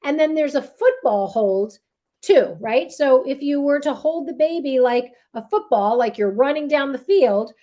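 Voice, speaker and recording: A woman with a high voice leads a baby care lesson. She explains each point plainly, step by step, often checking in with a quick tag question. She shows each hold as she talks it through. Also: expressive, warm tone. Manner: demonstrates holds while talking. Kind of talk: teaching a class.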